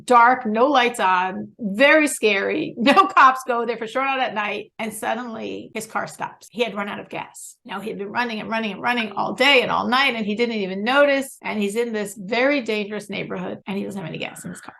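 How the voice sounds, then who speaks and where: A woman teaching a religious class, telling a story in a lively way and laughing between phrases. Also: medium pitch, a little fast, vocal fry, hardly any pauses, poor audio. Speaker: teacher of a women's Torah class.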